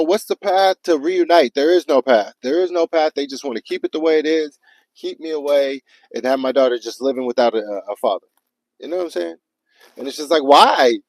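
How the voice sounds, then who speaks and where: A man's voice: medium pitch, a little mellow, dry recording, low-quality recording. A man venting to his livestream viewers in a casual, profane rant, frustrated and addressing them directly.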